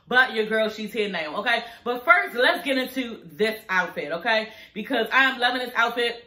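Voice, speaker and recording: Woman vlogger, sassy and chatty, a bit high and bright, in an echoey room. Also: expressive, moderate pace. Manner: sassy, chatty, talks straight to viewers. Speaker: TV recap vlogger. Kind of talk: casual TV episode review vlog.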